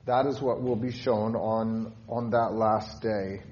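A man's voice: on the low side, steady tone, slow, a little mellow. A male pastor with a Southern Illinois accent, giving a thoughtful catechetical sermon with many fillers. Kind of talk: catechetical sermon with hymn lining. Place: church sanctuary. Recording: echoey church, dull lo-fi sound.

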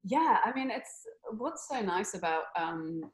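Young actress being interviewed, giggly and chatty, lots of ums. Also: female voice, medium pitch, lively intonation, measured pace, poor audio. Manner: laughing, chatty, with many fillers. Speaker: actor, interview guest. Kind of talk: casual interview chat.

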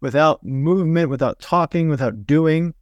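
Smooth-voiced male doctor hosting. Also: fairly high pitch, moderate pace, dry recording, studio quality. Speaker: podcast host and physician. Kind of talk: podcast conversation.

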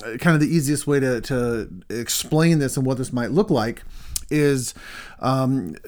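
A man's voice: mid-range voice, clean tone. Storytelling middle-aged man. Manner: storytelling, animated when reenacting. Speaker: counselor. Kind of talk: casual conversation with his wife.

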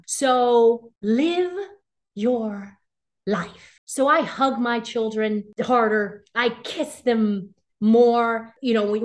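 A middle-aged woman being interviewed, animated and laughing often, acting out quoted voices as she tells stories. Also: fairly high pitch. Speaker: interview guest. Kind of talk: casual interview talk.

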